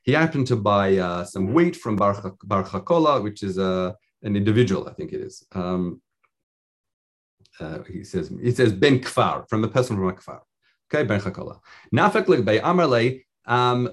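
A man's voice: mid-range voice, very animated, moderate pace. A man teaching a casual Talmud class, reading the text aloud and explaining it with many restarts. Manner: thinks aloud with restarts, reads Hebrew and Aramaic text then explains.

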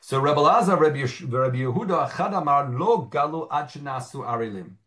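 Lively man teaching a Talmud lesson. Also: fairly high pitch, a little fast. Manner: reads Aramaic phrases then explains them in English, with frequent fillers and restarts. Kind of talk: Talmud study lesson, reading and translating.

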